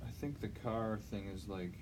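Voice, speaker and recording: A man's voice: on the low side, normal speed, noisy background. A young man co-hosting a podcast, telling a rambling story in casual chat, correcting himself and swearing now and then. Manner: rambling, self-correcting, swears when retelling anger. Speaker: podcast co-host.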